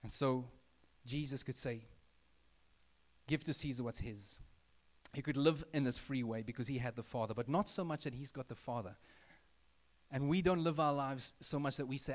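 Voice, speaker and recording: A man's voice: medium pitch, normal speed. A man preaching a sermon in a conversational way, with asides to the congregation and rising emphasis on key points. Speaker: pastor. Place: church building.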